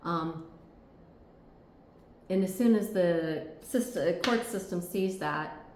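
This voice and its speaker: A woman's voice: on the low side, slow, a little mellow, slight background noise. Echoey, reassuring woman reading tarot. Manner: earnest, reassuring, frequent "okay?" check-ins. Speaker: tarot reader. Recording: echoey room.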